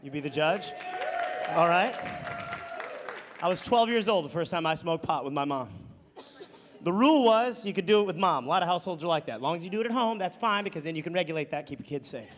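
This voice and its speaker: A man's voice: on the high side, animated, fast talker, a faint crowd. A man from Wisconsin doing sardonic stand-up comedy on stage. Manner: sardonic storytelling. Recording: live club with audience laughter.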